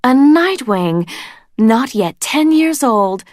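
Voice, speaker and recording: A woman's voice: a little high, animated, slow pace, no echo, clean studio sound, pitched above the performer's own voice. A woman voicing a cruel, teasing female dragon queen from a storybook, mocking and drawn out. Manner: mocking, sing-song and drawn out.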